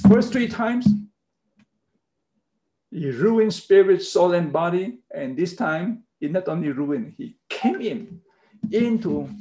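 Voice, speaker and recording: A man teaches a sermon in a slow, deliberate way, stopping often to stress words and check in with "okay." His voice is gravelly and dark, and his English has non-native phrasing. He sits a little higher in pitch than most men. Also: low-quality recording. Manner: slow, emphatic Bible teaching with repeated "okay". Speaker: pastor.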